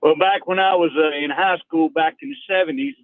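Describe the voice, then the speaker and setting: A caller from Texas phones into a radio show to tell a folksy story, his voice coming through a tinny phone line with no room sound. He speaks a little high and a little fast, in a steady tone.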